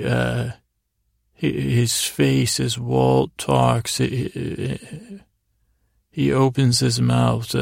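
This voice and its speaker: A man hosting a sleep podcast, giving a meandering, halting bedtime recap full of restarts. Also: mid-range voice, gravelly, a little mellow, dry recording, studio quality.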